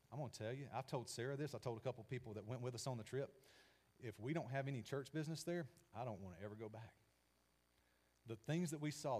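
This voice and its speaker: A man's voice: medium pitch, darkish tone. A man preaching a sermon in a conversational, emphatic way. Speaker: pastor.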